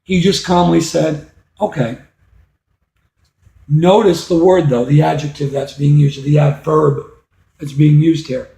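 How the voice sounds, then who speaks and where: A man teaches a reading lesson, explaining patiently and asking rhetorical questions. His voice is gravelly with a mellow tone, and a little high for a man. It is recorded in an echoey room. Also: steady tone, normal speed.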